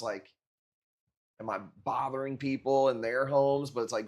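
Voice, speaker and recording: A man's voice: medium pitch, steady tone, normal speed. A man in his forties chatting casually on a live stream as a coral seller, laid-back and profane, calling people dude and bro. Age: 40s.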